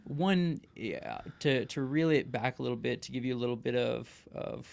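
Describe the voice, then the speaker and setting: A man's voice: mid-range voice, normal speed, vocal fry, darkish tone. A young adult man, a podcast host, telling a personal story in casual conversation, earnest and often asking "right?".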